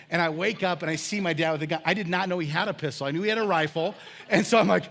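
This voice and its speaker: A man preaching a sermon in a church, telling personal stories with lively acted-out moments. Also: high voice, fast, creaky. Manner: animated storytelling, acts out scenes with shouts and laughs. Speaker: pastor. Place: church sanctuary.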